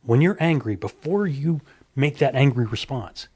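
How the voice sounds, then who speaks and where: A middle-aged man, a guest, chats casually in a mid-range, slightly rough voice at a moderate pace. He's an animated storyteller who acts out other people's lines as he quotes them.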